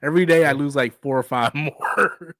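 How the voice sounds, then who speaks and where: A man's voice: on the high side, normal speed, fairly bright tone, no room sound, clean studio sound. A man hosting a casual live chat, blunt and slangy, laughing often. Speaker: livestream host.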